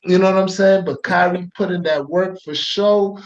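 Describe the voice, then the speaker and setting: A man with a fairly high voice hosts a loose sports talk show. He is hyped and slangy and keeps things animated. The recording sounds dull and lo-fi. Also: normal speed. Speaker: podcast host. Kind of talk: casual sports chat.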